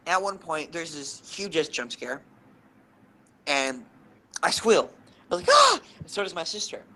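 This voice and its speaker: A young man and podcast co-host telling rambling, animated gaming anecdotes, swearing freely. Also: fairly high pitch, rough recording. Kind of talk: casual storytelling.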